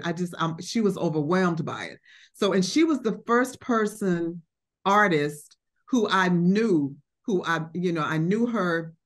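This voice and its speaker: A woman's voice: lowish voice, expressive, a little slow. Woman telling a reflective story. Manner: reflective, warm storytelling with acted quotes and frequent fillers. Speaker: art collector. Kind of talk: conversational storytelling.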